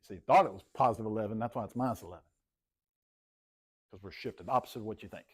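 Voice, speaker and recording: A man's voice: lowish voice, quick pace, slightly rough. Joking man teaching a math class. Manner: casual, joking, repeats phrases.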